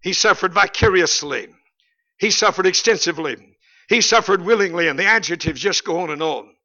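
Bright-voiced folksy Baptist preacher. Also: male voice, sits high, expressive, brisk, muffled recording. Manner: folksy, humorous, rising to emphatic peaks. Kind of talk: sermon.

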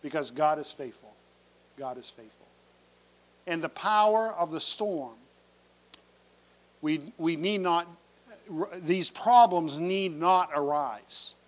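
A middle-aged man preaching a sermon, telling a family story with folksy humor and building to loud, emphatic pleading. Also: fairly high pitch, slow. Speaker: pastor.

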